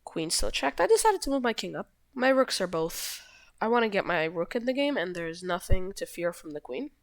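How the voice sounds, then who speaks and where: In a relaxed chess game walkthrough, a woman host rambles and corrects herself, brushing off errors with an offhand manner. She speaks at normal speed in a medium pitch with big swings, and the recording is dry.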